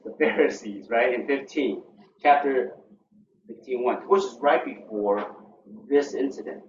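A man leading a casual Bible study as pastor, halting with fillers and restarts, asking his group questions. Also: on the high side. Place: church room. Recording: roomy, distant, dull lo-fi recording with faint noise.

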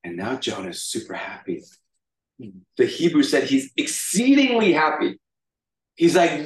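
A male pastor giving a casual, animated sermon, retelling a story in conversational storytelling style, heard in an echoey room from a distant mic. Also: a little high, measured pace.

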